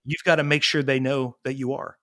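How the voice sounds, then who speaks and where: A man's voice: mid-range voice, little pitch movement, fairly quick, pushed and bright. A man in his thirties, a parenting coach telling stories in a casual interview and acting out the dialogue as he goes. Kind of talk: conversational storytelling.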